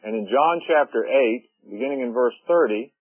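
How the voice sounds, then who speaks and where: A man preaching from the Bible, reading verses slowly and deliberately before breaking them down with an occasional "uh." His voice sits at an ordinary middle pitch. It comes through a thin, narrow radio broadcast that sounds like a phone line. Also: breathy edge. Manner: reads scripture aloud slowly, then explains with fillers. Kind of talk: sermon.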